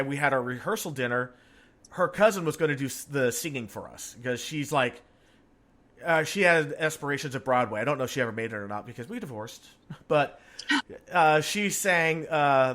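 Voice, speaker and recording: A middle-aged man hosting a podcast in casual chat, a lively storyteller who laughs often and swears freely. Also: medium pitch. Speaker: podcast host.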